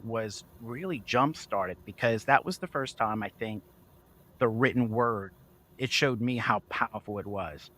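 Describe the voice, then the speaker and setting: A man, a guest author, telling childhood stories in a lively conversational way and acting out the voices he quotes. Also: medium pitch. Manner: animated, acts out quoted voices, laughs often. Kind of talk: conversational storytelling.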